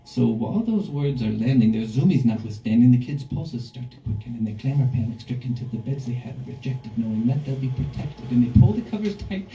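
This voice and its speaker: A man's voice: medium pitch, lively intonation, a little fast, hardly any pauses, dark tone, slight background noise. Man telling a rhyming story live. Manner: rhythmic singsong rhyming delivery. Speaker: storyteller performing for an audience. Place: record store, indoors. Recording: roomy, distant, dull live recording.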